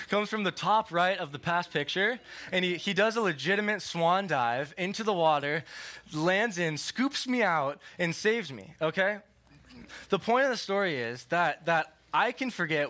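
A young man with a bright, fairly high voice preaches in an easy, chatty way. He fills his talk with "like" and "okay" and speaks as if to friends. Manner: casual, conversational, lots of "like" and "okay". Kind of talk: sermon with a personal story.

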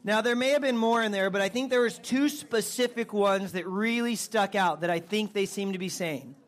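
A man talking as a youth pastor, relaxed and conversational, putting questions to his group. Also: high-pitched, normal speed. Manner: relaxed, conversational, quizzes listeners. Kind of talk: casual talk to a youth group.

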